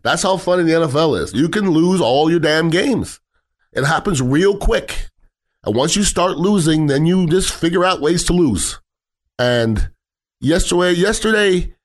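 A middle-aged man with a medium-pitched voice delivers a blunt, heated sports talk rant about football. He swears freely and repeats himself to drive his points home.

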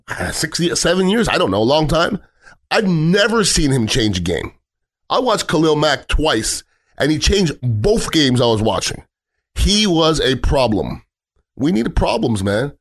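A middle-aged man talking football in a blunt, heated rant, with a voice of ordinary middle pitch. He swears without a second thought, restarts his sentences and hammers the same points again. It sounds like an opinionated sports talk segment. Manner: blunt and profane, heated, repeats himself.

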